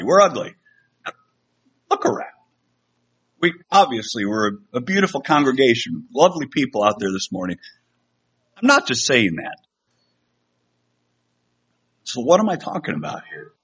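A man's voice: medium pitch, fairly bright tone, slightly rough. A middle-aged man preaching a sermon to a congregation in a conversational, self-deprecating way, with fillers and restarts. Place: church sanctuary. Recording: slightly dull lo-fi sound.

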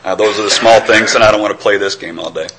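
A man's voice: fairly low pitch, fast, noisy background. A middle-aged man preaching a sermon in an earnest, reflective way, sometimes stammering and restarting.

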